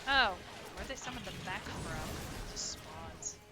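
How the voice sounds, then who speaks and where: A woman's voice: lowish voice, lively intonation, unhurried, loud music behind the voice. A woman streaming a game, chatting playfully with her viewers and reading game lines aloud. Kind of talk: casual game streaming with read-aloud dialogue.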